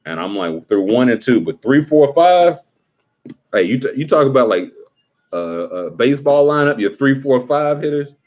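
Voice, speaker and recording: A man casually chatting with his livestream viewers, joking around and breaking into quick impressions. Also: medium pitch, expressive, a little mellow.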